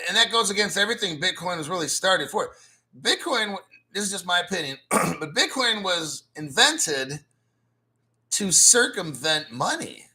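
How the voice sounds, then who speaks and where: A man talks crypto on his own livestream in a loose, blunt, profane way. His voice sits a little high and bright. He clears his throat often and answers viewer chat as he goes. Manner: mocks newcomers with sarcastic put-on quotes. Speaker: crypto channel host. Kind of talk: casual livestream commentary.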